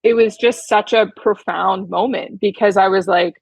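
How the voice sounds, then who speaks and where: A woman's voice: medium pitch, fairly even intonation, moderate pace, gravelly, husky, dry recording, low-quality recording. A woman, a horse trainer and podcast guest, telling a heartfelt story in a chatty way full of "like" fillers. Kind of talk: casual storytelling interview.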